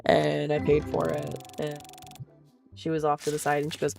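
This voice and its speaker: A woman chats through a storytime vlog in a loose, blunt way, swearing freely and laughing as she goes. Her voice has a gravelly, fry-edged texture. Faint music sits quietly underneath. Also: low-pitched, a little fast. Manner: blunt, profane, laughs often. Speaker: vlogger telling a story. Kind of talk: casual storytime chat.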